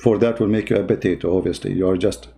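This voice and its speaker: A man's voice: deep voice, fairly even intonation, fast, gravelly, mellow. A man hosting a heated live call-in debate, speaking. He mocks the caller and repeats his demands insistently. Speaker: debate show host.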